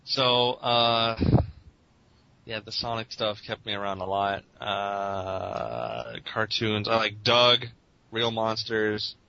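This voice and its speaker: Rambling, swearing man with a bright voice. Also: steady tone, takes it slowly. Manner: rambling, profane, self-mocking, laughs often. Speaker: podcast interviewee. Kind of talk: casual chat. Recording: muffled lo-fi recording with faint rumble.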